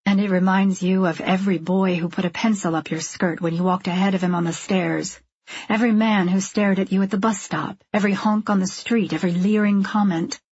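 Woman narrator, breathy, husky tone, dry room, dull lo-fi sound. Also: mid-range voice, steady tone, fairly quick, darkish tone, dry recording. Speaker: audiobook narrator. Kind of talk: scripted first-person narration.

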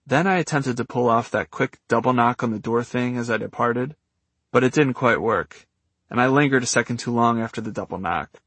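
A man reading his memoir aloud with a wry, dry humor. His voice has a husky grain, and the booth recording sounds close and dead, with no room around it. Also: medium pitch, moderate pace, a bit bright, no room sound. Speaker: memoir narrator. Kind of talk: audiobook memoir narration.

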